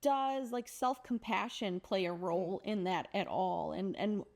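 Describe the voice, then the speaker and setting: A woman hosting a podcast, chatty and self-deprecating as she interviews a guest, and quick to laugh. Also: medium pitch, vocal fry, a little mellow. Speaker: podcast host.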